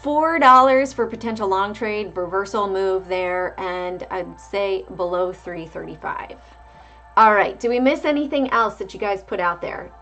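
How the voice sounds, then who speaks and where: A woman's voice: mid-range voice, measured pace, bright, forceful tone, faint music behind. A woman hosting a casual live market stream, calling out price levels and chatting back to viewers. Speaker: livestream market host.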